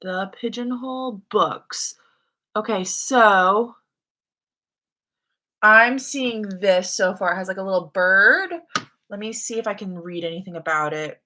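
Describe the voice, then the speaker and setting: A woman's voice: mid-range voice, a little slow. A young woman from the States hosting a casual reading livestream, chatting easily and reading out viewers' messages. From United States. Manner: relaxed, chatty, reads chat aloud. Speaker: livestream host.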